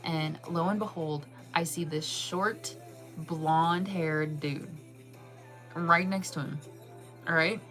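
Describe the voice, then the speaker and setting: A woman hosting her own channel, telling a story to viewers in a casual, animated way, laughing often and saying "like" a lot. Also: sits low, takes it slowly, faint music behind, rough recording. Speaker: channel host.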